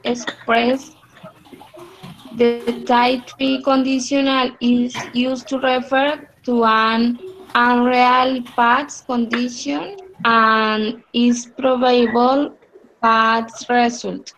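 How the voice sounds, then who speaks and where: A female language student on a video call, reading a grammar text aloud carefully, with halting restarts. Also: a little high, level tone, fairly bright tone, rough recording. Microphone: computer mic on a video call. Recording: faint background noise on a call.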